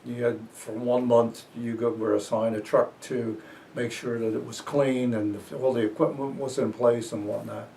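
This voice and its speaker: A man's voice: mid-range voice, level tone, moderate pace, warm tone, distant mic, a little hiss or hum. A man in his eighties from New Jersey, telling old stories in a rambling, chuckling way during an interview. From New Jersey, USA. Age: 80s. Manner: rambling storyteller, fillers and chuckles. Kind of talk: reminiscing interview.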